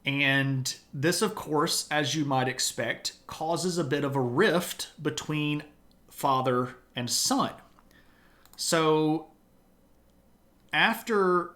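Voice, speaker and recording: A man with a slightly raised pitch tells history as a casual live stream. His delivery is loose and conversational, full of dry asides. It sounds like a home streaming setup rather than a studio. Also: fairly bright tone.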